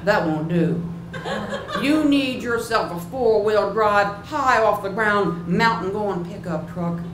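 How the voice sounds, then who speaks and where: A woman's voice: mid-range voice, takes it slowly, lightly acted. A woman voicing a blunt, folksy female park ranger who calls people ma'am and gives gloomy warnings, on a live storytelling stage. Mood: doubtful. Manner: matter-of-fact, folksy, calls her ma'am. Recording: roomy live hall with audience noise.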